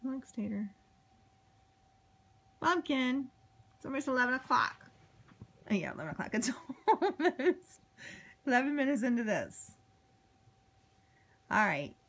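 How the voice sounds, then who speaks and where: A woman's voice: high voice, sing-song, measured pace, long pauses, a bit bright. A woman at home filming her pet cockatoo, cooing and baby-talking to it and laughing often. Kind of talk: casual home video chat. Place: living room at home. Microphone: handheld camera.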